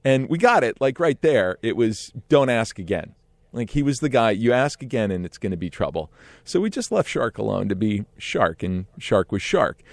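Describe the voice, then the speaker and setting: A middle-aged man telling a casual story in an animated way, often laughing and acting out what others said. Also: mid-range voice, normal speed, no echo. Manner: animated, laughs often, acts out quoted voices.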